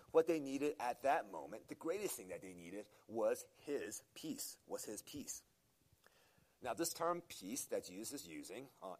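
A man preaching, earnest and emphatic, at a medium pitch. He often restarts his phrases and puts in fillers as he leans on his key points. His voice is that of a pastor teaching his congregation. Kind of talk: sermon.

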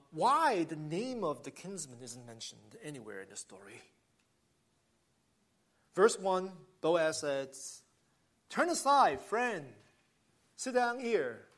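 A man preaching a sermon, earnest, swelling with emphasis and often restarting phrases. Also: on the high side. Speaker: pastor.

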